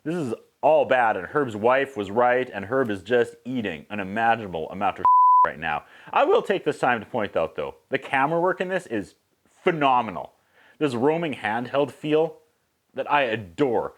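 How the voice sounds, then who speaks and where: Animated man recapping a movie. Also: mid-range voice, normal speed. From Canada. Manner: animated, mimics whistles and acts out quotes. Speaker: movie reviewer.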